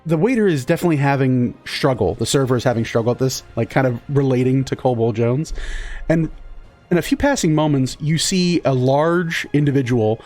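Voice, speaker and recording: A man's voice: medium pitch, fairly quick, darkish tone, soft background music. A man narrating as game master of a tabletop game, in loose narration full of fillers.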